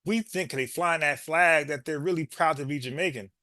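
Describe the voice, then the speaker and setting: A man hosting a reaction video, blunt and animated as he answers back at the footage. His voice is bright and forceful, recorded dry and close. He never lets a point slide. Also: fairly high pitch, brisk, dry recording. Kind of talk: casual reaction commentary.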